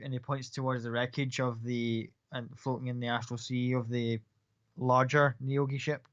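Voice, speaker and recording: A man's voice: mid-range voice, flat delivery, moderate pace, fairly bright tone, smooth. Rambling man running a tabletop game. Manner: loose, rambling descriptions with many fillers. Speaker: game master. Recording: dull lo-fi audio.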